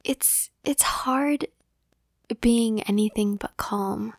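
A woman's voice: fairly high pitch, drawn-out words, no echo. Giggly whispering young woman, dry close mic. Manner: whispered, giggly, self-deprecating. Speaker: ASMR audio creator. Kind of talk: whispered comment reading.

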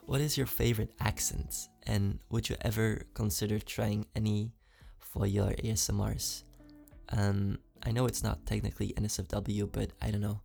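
A man with a slight foreign accent answers fan questions in a relaxed, giggly way, full of ums and likes. His voice sits low and mellow with a gravelly fry, and faint music plays behind him. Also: moderate pace. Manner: chatty and giggly, many fillers. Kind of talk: casual Q&A.

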